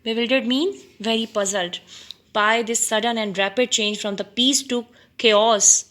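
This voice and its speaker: A woman teacher reading a story aloud to students, pausing deliberately to define words and quiz them. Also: a little high, fairly even intonation, fairly bright tone.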